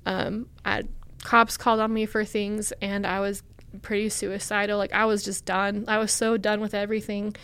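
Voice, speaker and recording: A woman's voice: mid-range voice, level tone, fairly bright tone, smooth. Candid young woman telling her story. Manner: candid, halting, with many fillers. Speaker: guest. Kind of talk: personal storytelling in a podcast interview.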